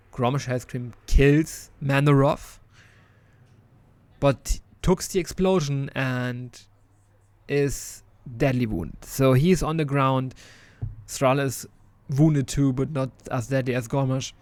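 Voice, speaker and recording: Guy retelling a game story, stops and restarts a lot, lots of um and uh, mid-pitch voice. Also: no echo. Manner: halting, many restarts and fillers; loosely paraphrases characters' lines. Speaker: gaming video host. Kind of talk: casual story recap.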